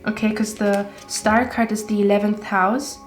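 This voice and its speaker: A woman with a mid-range voice gives a casual tarot reading at a normal pace and in a level tone. She's chatty and reassuring and often checks in with "okay?". The room has a roomy echo with faint music underneath.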